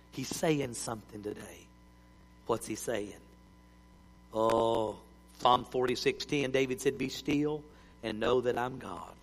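A male preacher, telling stories in a sermon and swinging between loud cries and hushed words. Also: mid-range voice. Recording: long hall reverb.

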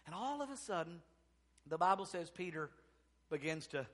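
High-voiced, bright preacher. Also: male voice, lively intonation, fairly quick. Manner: swings from loud exclaiming to hushed storytelling. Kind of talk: sermon.

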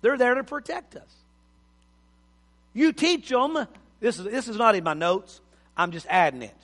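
A man, preaching a folksy sermon and repeating words when he presses a point. His voice is high and bright. The sound carries the long reverb of a church hall. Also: lively intonation, unhurried, long pauses. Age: 50s. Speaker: pastor. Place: church sanctuary.

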